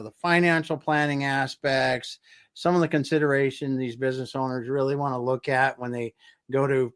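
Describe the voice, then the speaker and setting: A man hosting an online business interview, giving short affirmations and a thankful wrap-up. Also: mid-range voice. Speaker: show host.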